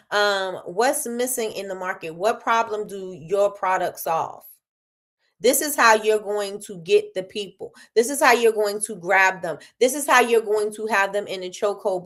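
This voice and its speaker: A woman hosting a casual livestream, talking business with lots of repetition and reading out chat comments. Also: mid-range voice. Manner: animated, repeats phrases, reads chat aloud. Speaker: livestream host.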